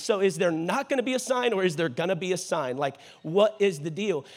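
A man preaching a sermon in a church, animated and jokey, using playful voices for the characters in scripture. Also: sits high. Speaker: pastor. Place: church auditorium.

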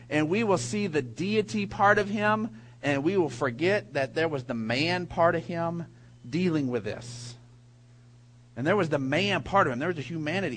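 A middle-aged male pastor with a high voice delivers a sermon. He tells a story in a lively way and then presses his points with emphasis. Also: low-quality recording. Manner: animated storyteller, builds to emphatic preaching.

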